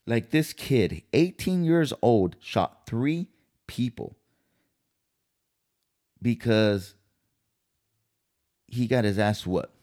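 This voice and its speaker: A man's voice: mid-range voice, lively intonation, extremely slow, pauses often, a little mellow. A man hosting a podcast, ranting in a casual, heated and profane way. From California. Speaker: podcast host. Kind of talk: casual commentary.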